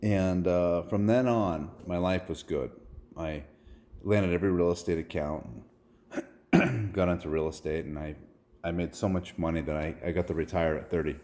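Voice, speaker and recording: A man's voice: low-pitched, normal speed, a little mellow. A man in his forties telling a rambling, earnest personal story that turns preachy when he quotes scripture. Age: 40s. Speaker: vlogger.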